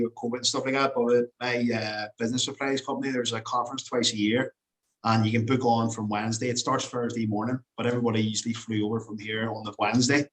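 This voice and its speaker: A man's voice: mid-range voice, low-quality recording. A man hosting a podcast, chatting with energy and laughing often. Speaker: podcast host. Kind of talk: casual chat.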